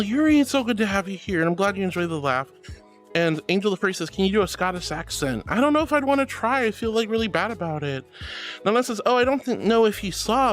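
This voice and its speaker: A man's voice: high voice, a bit bright. A man streaming live, reading chat messages aloud in a playful, giggly, affectionate way.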